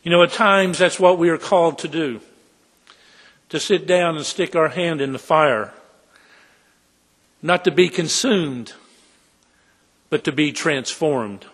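A pastor preaching a heartfelt sermon in a church sanctuary, slow and earnest. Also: male voice, on the high side, fairly bright tone, in a large hall.

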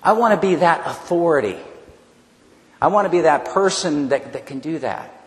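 A man with a fairly high voice tells his own story from the pulpit, animated and full of restarts. The sound rings through a large hall with a long reverb tail. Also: moderate pace. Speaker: preacher. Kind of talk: personal testimony sermon.

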